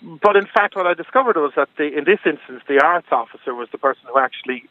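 An Irish man, a local councillor, explaining things in a measured way on a radio phone-in. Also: fairly high pitch, lively intonation, dry recording. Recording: dry tinny phone line.

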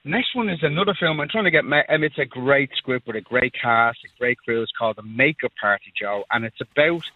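A man's voice: medium pitch, fairly quick, no echo. A middle-aged man from Ireland with a Dublin accent, a film guest telling stories chattily over the phone with many restarts. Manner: chatty, storytelling with repeated restarts. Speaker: guest filmmaker. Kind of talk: radio interview by phone. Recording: tinny phone line.

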